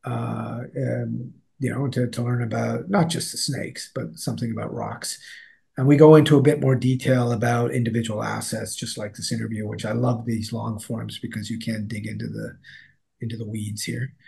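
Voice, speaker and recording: A man with a gravelly, husky voice talks casually as an interview guest. His sentences ramble and trail off, full of fillers and restarts. His pitch sits in the middle. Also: little pitch movement, normal speed, warm tone. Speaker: newsletter editor, interview guest.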